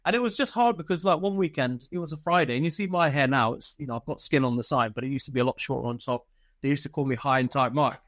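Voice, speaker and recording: A man's voice: medium pitch, fast talker, a bit bright, no echo. Candid, swearing man. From Britain. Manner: candid, swears freely, laughs through stories. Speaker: interview guest, army veteran. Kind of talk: casual interview storytelling.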